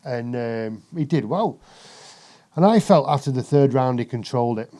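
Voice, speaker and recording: A man swearing freely while telling animated stories as a boxing pundit in casual podcast chat. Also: medium pitch, normal speed. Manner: profane, animated storytelling.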